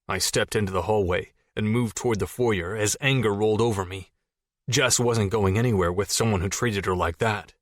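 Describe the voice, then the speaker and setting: A man with a fairly low voice narrates a fantasy novel in the first person. His reading is steady and measured, recorded close in a dry studio. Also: no room sound. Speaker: audiobook narrator.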